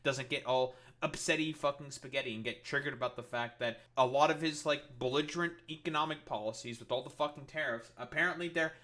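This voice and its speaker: A man's voice: on the high side, bright, forceful tone. A man doing reaction commentary, ranting in an exasperated, profane way. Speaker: political commentator streamer.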